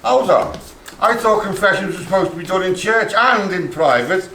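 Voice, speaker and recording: A man's voice: high voice, lively intonation, moderate pace, sharp tone, full character voice. An actor with a Liverpool accent playing a blunt, protective father. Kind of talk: stage play acting. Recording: distant echoey stage with faint noise.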